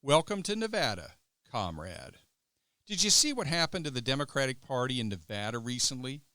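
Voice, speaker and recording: A man's voice: mid-range voice, big pitch swings, brisk, pushed and bright, no room sound. A man hosting a political podcast, reading scripted commentary in a sarcastic, mocking way. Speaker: podcast host.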